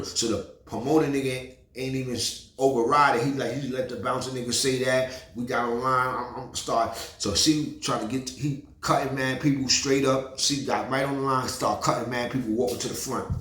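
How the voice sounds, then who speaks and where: New man, mid-pitched, animated street storyteller, roomy echo on the recording. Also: moderate pace. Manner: animated, profane, repeats "you heard".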